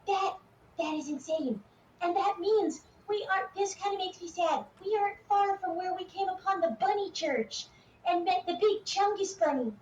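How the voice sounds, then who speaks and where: A tabletop game player recounting events in a rambling, hesitant way. The voice is very high and sounds set back from the mic. Faint room noise sits underneath. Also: moderate pace, roomy sound, recorded from a distance, muffled recording.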